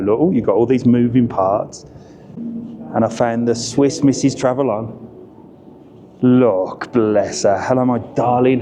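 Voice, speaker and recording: A man's voice: mid-range voice, background noise. A middle-aged man, chatting and joking to a handheld camera in an indoor ice tunnel, a little out of breath. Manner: chatty, jokey, teasing. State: slightly out of breath. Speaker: travel vlogger. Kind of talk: casual vlog talking to camera. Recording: crowd chatter behind the voice. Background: crowd of visitors.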